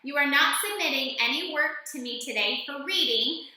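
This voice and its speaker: A woman teacher giving a recorded lesson to young students, with clear, encouraging instructions. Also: sits high, animated, moderate pace, pushed and bright, heavy reverb, low-quality recording.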